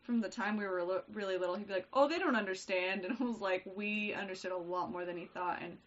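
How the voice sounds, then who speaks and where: Woman, podcast co-host, casual chat, animated storyteller, mid pitch, muffled recording. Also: quick pace. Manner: animated storyteller, acts out family quotes, laughs often. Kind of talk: casual chat, reading listener stories.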